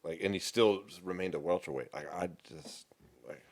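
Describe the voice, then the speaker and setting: A man's voice: deep voice, moderate pace. A man co-hosting a sports podcast, talking in a laid-back, chatty way and swearing freely. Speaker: podcast co-host. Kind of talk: casual chat.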